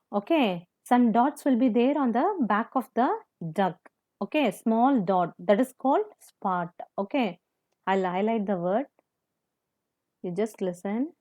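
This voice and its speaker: A woman teacher, explaining a children's poem slowly and patiently, repeating words and asking the class questions. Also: on the high side, animated, warm tone. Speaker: primary school teacher.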